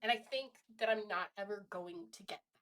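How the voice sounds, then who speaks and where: A woman streamer talks through her feelings in a halting, candid monologue, often restarting and swearing freely. Her voice is medium pitch with a fairly bright tone.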